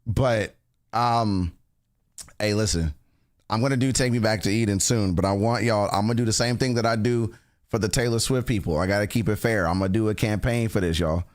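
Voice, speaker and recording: A man's voice: lowish voice, fairly quick. A man chatting casually on a livestream, reacting to music with slangy talk and frequent laughter. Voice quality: animated, laughs often, slangy.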